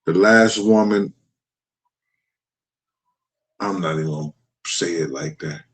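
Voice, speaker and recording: A middle-aged man with a lowish voice hosts a livestream and talks straight to his chat. He speaks bluntly and swears freely in a casual, conversational way. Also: takes it slowly, a bit bright, poor audio. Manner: blunt, profane storytelling. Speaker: livestream host.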